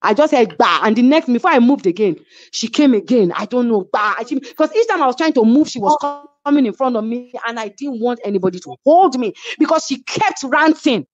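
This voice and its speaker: Nigerian woman recounting a fight, swoopy highish voice, dry dull sound. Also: lively intonation, a little fast, dry recording. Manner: emphatic, keeps asking "do you understand?". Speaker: reality show cast member, interview guest. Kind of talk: animated storytelling in an interview.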